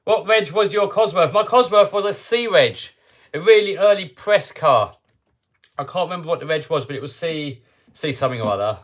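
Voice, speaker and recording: A man with a somewhat high speaking voice hosts a casual live stream. He talks to his viewers in an upbeat, chatty way, often restarting his sentences as he goes. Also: animated, normal speed, fairly bright tone. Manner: chatty and upbeat, with frequent self-interruptions. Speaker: host of a hobby channel livestream.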